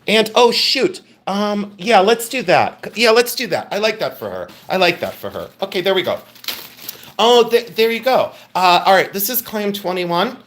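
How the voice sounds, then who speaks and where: A man's voice: sits high, sing-song, moderate pace, fairly bright tone. A man hosting a live jewelry sale stream, chatty and joking as he rambles about each piece. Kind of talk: casual live-stream selling.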